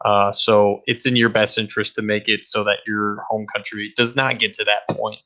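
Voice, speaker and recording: Bright-toned, low-pitched male co-host. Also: flat delivery, moderate pace. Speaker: podcast co-host. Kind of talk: casual political discussion.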